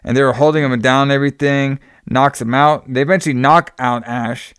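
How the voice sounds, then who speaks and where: A man chats through a film plot in a loose, rambling way, full of fillers and casual swearing. His voice is smooth and clear, recorded close and dry with no room sound. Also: medium pitch, fairly even intonation, fairly quick, fairly bright tone, dry recording. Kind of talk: casual movie recap chat.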